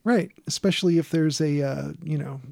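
Man from the Chicago area, slightly higher voice, gravelly, dry close sound, rambling chat. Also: normal speed, darkish tone, dry recording. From Chicago area, USA. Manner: rambling storytelling with many fillers. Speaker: podcast co-host. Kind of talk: casual chat.

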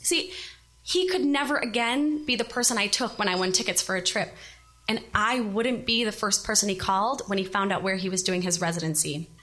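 A woman in her thirties telling a personal story to an audience, animated, expressive and self-deprecating. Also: mid-range voice, brisk.

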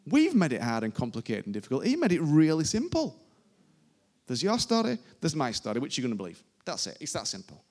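A man's voice: fairly high pitch, sing-song, fast talker, vocal fry, a little mellow. A man preaching a sermon to a congregation in an informal, emphatic way, repeating his phrases. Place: church service before a congregation.

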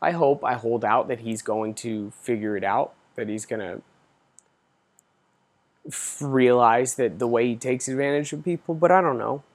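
A man's voice: mid-range voice, moderate pace. A man in his thirties hosting a podcast, telling an exasperated story in a casual, profane ranting way. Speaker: podcast host.

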